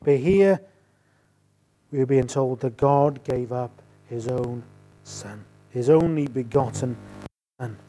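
A middle-aged man preaching a sermon, rising to emphatic bursts and dropping to quiet asides. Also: mid-range voice, steady tone, measured pace, soft background music.

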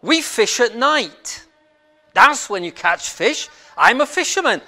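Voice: medium pitch, big pitch swings, takes it slowly, voice pushed up, full character voice. A preacher voicing a proud, exasperated fisherman grumbling that he knows the lake better than anyone. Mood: indignant. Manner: loud indignant inner grumbling.

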